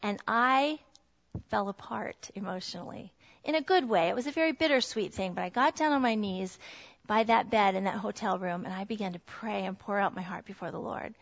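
A middle-aged woman with a medium-pitched, brisk voice shares an earnest, heartfelt Christian testimony with a mothers' group. She speaks in a meeting room filled with women, captured on a dull lo-fi recording.

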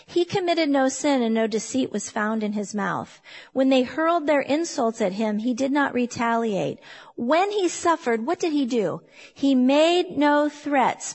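A woman in her fifties gives an emphatic, conversational Bible teaching. Her voice sits a little high, and she keeps turning to her listeners with questions. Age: 50s. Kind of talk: sermon teaching.

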